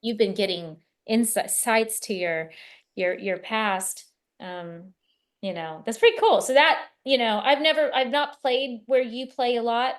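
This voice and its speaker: A middle-aged woman, a spiritual coach, chatting casually as a podcast guest and telling animated stories with many restarts. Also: fairly high pitch, a little slow. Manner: animated storyteller, repeats and restarts words. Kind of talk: casual conversation.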